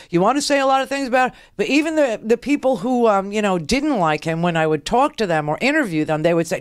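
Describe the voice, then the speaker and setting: A woman's voice: mid-range voice, animated, fast, few pauses, clean tone, dry recording, clean studio sound. A middle-aged woman hosting a political talk radio show, with a sarcastic, mocking delivery. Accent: New York.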